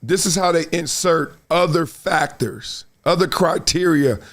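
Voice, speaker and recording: A man's voice: on the high side, measured pace, fairly bright tone. A middle-aged man hosting a live sports talk stream, telling stories with emphatic delivery and acted-out quotes. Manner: storytelling, acts out quoted voices, emphatic. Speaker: host.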